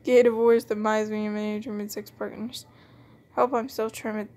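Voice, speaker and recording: A woman's voice: mid-range voice, level tone, normal speed, a little mellow, a little hiss or hum. A woman hosting a game video, reading cards aloud in a playful, giggly way with muttered asides. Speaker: gaming channel host. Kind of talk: let's play commentary, reading cards aloud.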